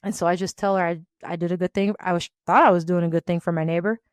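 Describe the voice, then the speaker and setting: Loud, animated woman telling a work story. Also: on the low side, fast talker, dry recording. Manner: loud, animated, acts out quoted voices. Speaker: podcast host. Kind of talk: casual storytelling rant.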